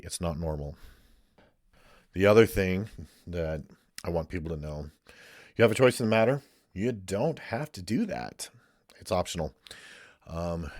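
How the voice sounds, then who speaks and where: Male counselor, very deep voice, blunt and profane, loose rambling delivery, dry close sound. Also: a little mellow, no echo. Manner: candid, blunt, swears freely; rambling with restarts and asides. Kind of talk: casual monologue.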